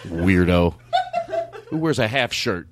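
A man's voice: sits low, big pitch swings, takes it slowly, background noise. A man hosting a comedy podcast, rambling in casual chat with lots of laughter and restarts. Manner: rambling, laughing, self-interrupting. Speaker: podcast host.

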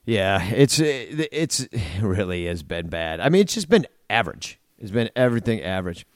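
A man's voice: fairly low pitch, big pitch swings, moderate pace, no echo, clean studio sound. A man hosting a podcast in loose, profane casual chat that often trails off. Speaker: podcast host.

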